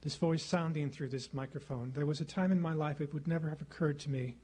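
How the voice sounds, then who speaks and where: A middle-aged man giving a formal public lecture at a podium microphone in a lecture hall, speaking in a measured, rhetorical way and repeating phrases for effect. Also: on the high side, fairly even intonation, a little mellow. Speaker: guest lecturer.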